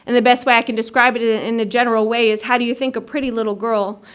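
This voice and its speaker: A woman with a fairly high voice tells her recovery story to a meeting. She talks in a chatty, self-mocking way and laughs at herself often. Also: level tone, fast talker, clean tone. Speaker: AA meeting speaker. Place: meeting hall.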